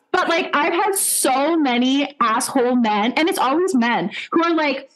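A young adult woman, a dog trainer, telling stories in casual podcast chat, animated, swearing freely and using lots of fillers. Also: high voice, moderate pace.

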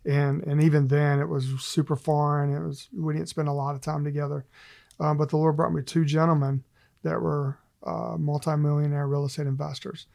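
A middle-aged man with a gravelly, creaky voice, pitched a little higher than most men but kept flat and level. He talks as a guest in a relaxed faith chat and tells stories against himself, laughing as he goes. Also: normal speed. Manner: self-deprecating, laughs often while telling stories. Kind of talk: casual faith conversation.

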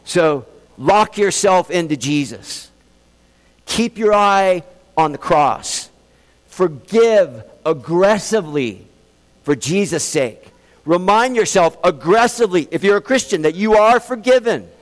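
A man's voice: high voice, animated. Earnest preacher man in a reverberant hall. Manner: earnest, pleading, slows for emphasis. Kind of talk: sermon.

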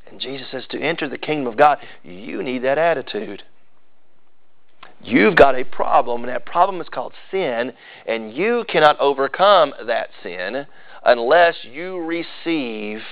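A man's voice: medium pitch, dull audio. A male pastor, preaching a sermon with emphatic, building repetition.

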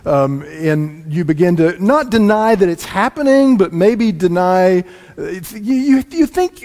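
A man preaching a sermon as pastor, telling a family story with lively shifts between loud lines and quiet asides. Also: sits high, measured pace. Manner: animated, swings from loud to hushed asides. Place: church sanctuary. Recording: long reverb in a large room.

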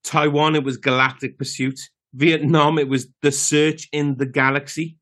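A man's voice: a little high, little pitch movement, normal speed, fairly bright tone. A man co-hosting a podcast, telling rambling stories in casual chat with many fillers. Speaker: podcast co-host.

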